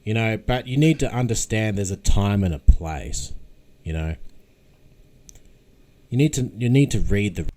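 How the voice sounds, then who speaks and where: A man with a low, mellow voice comments on a clip in his own video. He is opinionated and sarcastic, dismisses what he hears and swears freely. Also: animated, a little slow, long pauses.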